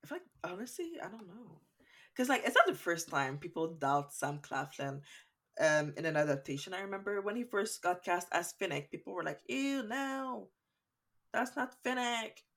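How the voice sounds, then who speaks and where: A woman's voice: lowish voice, animated, fairly quick, a bit bright. A young woman from Canada co-hosting a casual podcast, rambling through cast fun facts. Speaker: podcast co-host. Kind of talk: casual chat.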